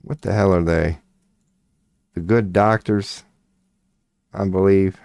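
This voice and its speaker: Deep, slow-talking man. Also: steady tone, vocal fry, darkish tone, dry recording. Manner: laid-back, profane, muttering while working on the computer. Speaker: astrology streamer. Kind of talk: casual live-stream commentary.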